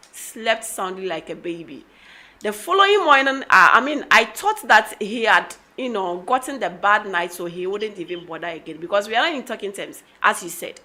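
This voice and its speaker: A woman's voice: medium pitch, sharp tone. A middle-aged woman telling a personal story on a radio talk show, animatedly acting out the conversations she recounts. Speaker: guest.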